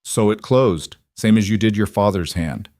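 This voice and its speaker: A man voicing a wounded cowboy, calm and stubborn, speaking in terse, clipped lines in a dry, close recording. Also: on the low side, normal speed, no room sound, lightly acted. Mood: steady.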